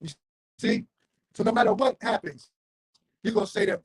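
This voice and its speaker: A man's voice: breathy edge, poor audio. A man street preaching, reading scripture aloud and calling out to listeners with constant "right?" and "you see?". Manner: reads scripture slowly with big pitch leaps.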